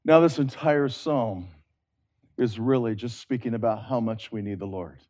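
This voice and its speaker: Speaking at a medium pitch, a male preacher delivers his sermon earnestly and conversationally. He alternates between booming, emphatic climbs and quiet, lingering lines.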